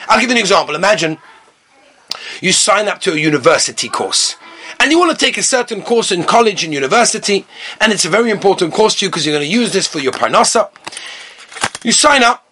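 Animated high-voiced man giving a sermon. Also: fast. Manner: animated storytelling with Hebrew and Yiddish terms, rising to impassioned calls. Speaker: rabbi giving a Torah talk.

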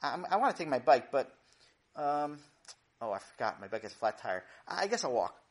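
A man voicing an excitable, studious boy who stammers. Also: medium pitch, a little fast, natural voice.

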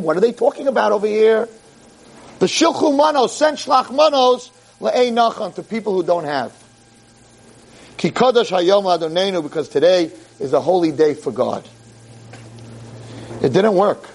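A man giving an animated holiday sermon as a rabbi, mixing Hebrew verses with English and acting out the quotes dramatically. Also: normal speed, vocal fry. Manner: dramatic, acts out quotes with big pitch jumps. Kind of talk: animated sermon to a live audience.

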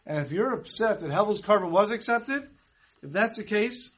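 Rabbi guy with a high voice, chatty storytelling torah lesson, throws in hebrew and yiddish words. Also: animated, moderate pace, a bit bright, slightly rough. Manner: conversational, mixes Hebrew and Yiddish terms. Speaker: rabbi teaching a Torah class. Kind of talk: storytelling sermon.

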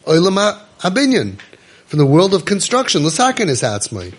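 A man's voice: high-pitched, normal speed, slightly rough. A man giving a Torah class. He reads Hebrew verses, explains them in English and keeps asking his listeners rhetorical questions. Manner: animated, asks rhetorical questions, mixes Hebrew quotes with English. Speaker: Torah teacher.

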